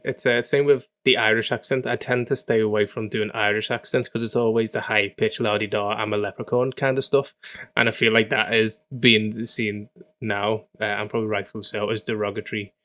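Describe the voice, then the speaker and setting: Low, flat-voiced man. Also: brisk. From United Kingdom. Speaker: podcast co-host. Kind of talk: casual chat.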